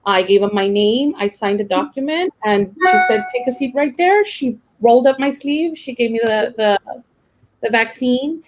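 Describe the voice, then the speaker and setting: A woman's voice: on the high side, animated, normal speed, soft background music, low-quality recording. Young woman teacher, candid and emotional, talks in loose restarts. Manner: emotional, rambling with many fillers and restarts. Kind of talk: casual personal account.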